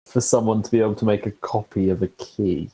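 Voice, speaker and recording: A man playing a tabletop game, teasing the others with quick asides. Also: fairly low pitch, fairly even intonation, dark tone, husky. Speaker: player.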